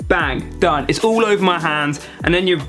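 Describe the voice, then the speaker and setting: A young British man in a vlog, ranting to camera in an animated, exaggerated way with mock outrage. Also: on the high side, normal speed, over music. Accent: British English. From Britain. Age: young adult. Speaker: vlogger. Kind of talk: comedic rant to camera.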